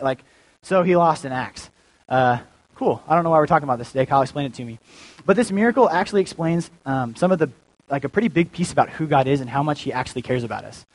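A man's voice: on the high side, poor audio. A young man giving a casual, joking sermon as a youth pastor, full of fillers and restarts. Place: church.

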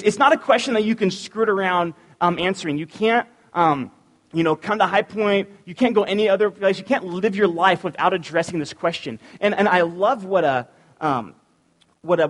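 A man giving a casual, joking sermon as a youth pastor in a church, energetic and animated. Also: sits high. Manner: energetic and animated, cracks jokes. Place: church sanctuary. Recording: long reverb of a church hall.

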